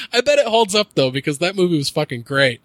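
Lively giggly man, casual podcast host. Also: sits high, brisk, no echo. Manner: profane, giggly, slips into mock voices. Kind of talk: casual chat.

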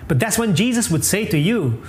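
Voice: medium pitch, big pitch swings, brisk, a little mellow. A preacher giving a sermon, emphatic, repeating key phrases and chuckling now and then. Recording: echoey room.

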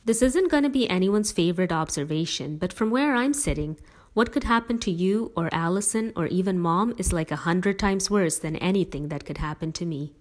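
A woman's voice: on the low side, lively intonation, brisk, close to an everyday voice. Woman reading a dry, sarcastic teenage boy. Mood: wry.

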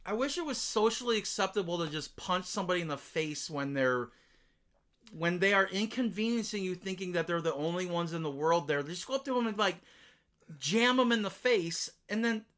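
Guy venting on a podcast, high voice, cussing a lot, really animated. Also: brisk. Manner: animated, ranting, swears freely. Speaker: podcast co-host. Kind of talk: casual chat.

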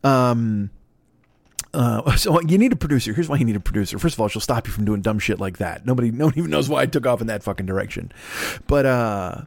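An older man riffs at a rapid clip in a profane, rambling monologue, poking fun at himself as he goes. His voice is mid-pitched and sits close and dry on a laptop microphone, with no room sound around it. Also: lively intonation, vocal fry, a little mellow, dry recording. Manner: profane, rambling, self-mocking. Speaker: podcast host. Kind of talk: solo comedic rant.

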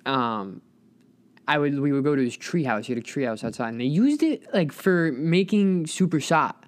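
A young man telling a story in casual chat, animated, often laughing and swearing. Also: fairly high pitch, moderate pace. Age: young adult. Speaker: guest.

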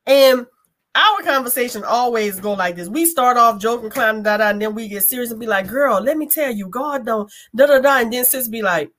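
High-voiced woman preaching to viewers. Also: a little fast, a bit bright. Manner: preachy, addresses viewers directly. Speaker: co-host. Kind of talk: faith talk show chat.

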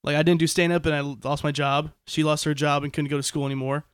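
A man's voice: fairly high pitch, little pitch movement, fast talker, clear, resonant tone, no echo, clean studio sound. A male stand-up comedian rambling through a personal story on a podcast, swearing and poking fun at himself. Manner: rambling, profane, self-mocking.

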